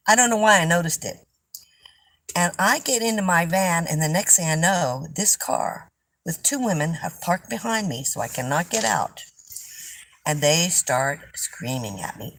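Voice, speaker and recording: A woman's voice: on the low side, a bit bright, slight background noise, rough recording. A woman in her seventies, hosting a live stream and telling a story in a rambling, chatty way, laughing often. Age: 70s. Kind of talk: casual storytelling chat.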